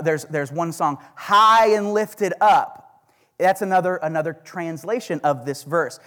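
A male pastor with an Oklahoma accent preaching a casual, conversational sermon and reading scripture slowly with emphasis. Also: a little high.

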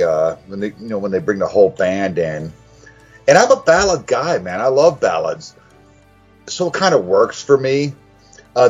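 A man's voice: fairly low pitch, a little mellow, husky, dull audio. A man earnestly defending a band's ballad in casual podcast chat, hesitating with fillers. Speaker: podcast co-host. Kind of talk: casual music review chat.

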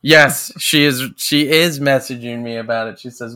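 Man, podcast co-host, bright crisp voice, dry close mic, rambling laughing storyteller. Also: mid-range voice, moderate pace, hardly any pauses, no echo. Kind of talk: casual chat.

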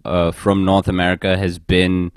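A man's voice: sits low, completely flat delivery, moderate pace, smooth, dry recording, clean studio sound. A man telling rambling comic anecdotes on a podcast, laughing as he goes. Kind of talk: casual comedic storytelling.

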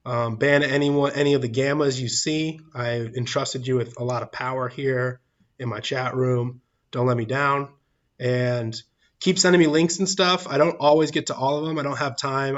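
A man's voice: mid-range voice, steady tone, normal speed, lo-fi sound. A man hosting a casual livestream from a public place, rambling, laughing often and thanking his chat viewers. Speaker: livestream host.

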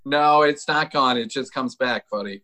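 A man's voice: medium pitch, moderate pace, pushed and bright. A man co-hosting casual sports radio, blunt, crude and opinionated. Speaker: sports talk co-host.

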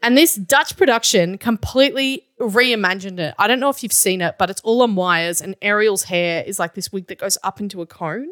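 A woman's voice: mid-range voice, moderate pace, hardly any pauses, a bit bright, no room sound. A woman co-hosting a podcast, chatting enthusiastically and laughing often. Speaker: podcast co-host. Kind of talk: casual chat about musical theatre.

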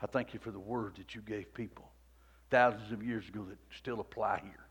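A male pastor preaching a sermon in a repetitive cadence, rising to shouts and dropping to near-whispers. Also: on the low side, steady tone, brisk, slightly rough.

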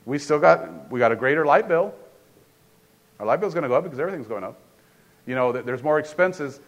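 A man's voice: on the high side, lively intonation, fairly quick, highs cut off. A man preaching a sermon in a church in a casual, conversational way, often repeating and restarting phrases. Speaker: pastor.

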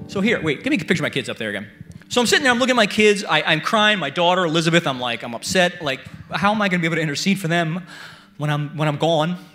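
Guest preacher, man, middle-aged, animated storyteller, drops to hushed prayer then surges loud. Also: on the high side. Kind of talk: sermon. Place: church service.

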